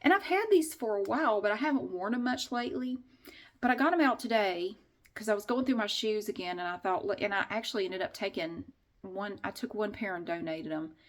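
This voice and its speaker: A woman's voice: medium pitch, a little fast. A middle-aged woman vlogging in a casual, rambling way, frank and chatty, often restarting her sentences and swearing mildly. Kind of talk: casual vlog chat.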